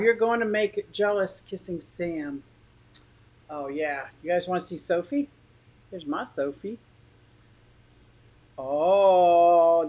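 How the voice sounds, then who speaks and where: A woman's voice: on the low side, low-quality recording. A woman hosting a casual livestream from her living room, rambling chattily and greeting viewers by name. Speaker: aquarium channel host.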